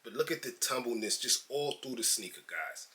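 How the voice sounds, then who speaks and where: A man's voice: mid-range voice, expressive, brisk, bright, forceful tone. A man from New York doing a laid-back, slangy sneaker unboxing review and calling his viewers guys and man.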